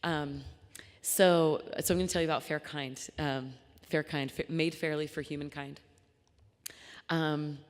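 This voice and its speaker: A young woman with a low voice gives an earnest, conversational talk at a luncheon, hopping between thoughts with plenty of ums and restarts. Her voice rings out with a long reverb tail from a large banquet hall. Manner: earnest and chatty, with frequent fillers and restarts. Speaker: nonprofit founder giving a luncheon talk. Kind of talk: speech to a live audience.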